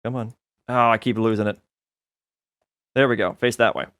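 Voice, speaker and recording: Streaming a modded building game, a man offers casual commentary, thinking out loud and laughing self-mockingly at his blunders. His fairly low voice is smooth and a bit bright, with fairly even intonation at a normal speed. The recording is dry and studio quality.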